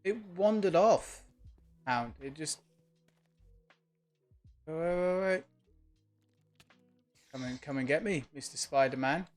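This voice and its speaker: Casual guy streaming a game, thinks out loud, talks back to viewers, a bit higher voice. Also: lively intonation, slow pace, long pauses. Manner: chatty, thinks aloud and answers viewer chat. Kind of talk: relaxed live-stream gaming chat. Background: faint lo-fi music.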